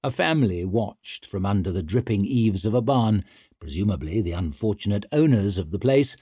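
A man narrating an audiobook in an expressive, dramatic storytelling manner. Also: fairly low pitch, moderate pace, breathy edge, dry recording, studio quality. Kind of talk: scripted narration.

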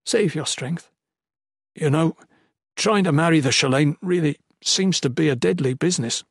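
A loving noblewoman and mother on the edge of tears, as a man puts her on. She speaks softly, pleading and urging by turns. The sound is dry and close. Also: low voice, normal speed, husky, dry recording, pitched above the performer's own voice. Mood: tearful pleading. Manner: soft, pleading, urgent.

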